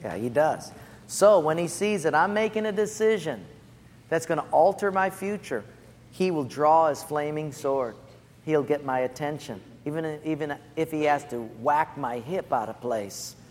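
Emphatic preacher in an echoey hall. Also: male voice, fairly high pitch, expressive, normal speed, slight background noise. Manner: emphatic, instructing congregation directly. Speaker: pastor. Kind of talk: sermon.

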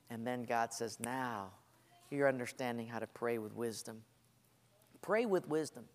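A man's voice: medium pitch, unhurried, long reverb tail. A man preaching a sermon, telling stories with humor and acting out the voices of people praying and complaining. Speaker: pastor.

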